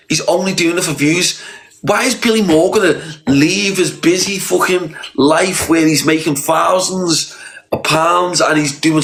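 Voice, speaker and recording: A live streamer from Liverpool, England, rants in a livestream call-out in his Scouse accent, repeating himself, swearing and getting confrontational. His voice is high and a bit bright.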